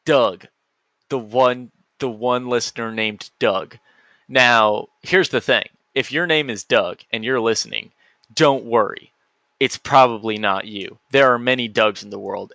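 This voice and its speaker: A man's voice: mid-range voice, a bit bright, dry recording. A man hosting a solo podcast, rambling goofily and often cutting himself off mid-sentence. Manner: goofy, rambling, self-interrupting. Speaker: podcast host.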